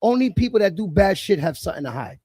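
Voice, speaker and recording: A middle-aged man, talking bluntly and profanely in a casual chat, telling animated stories. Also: high voice, quick pace, slightly rough, no echo. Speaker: livestream host.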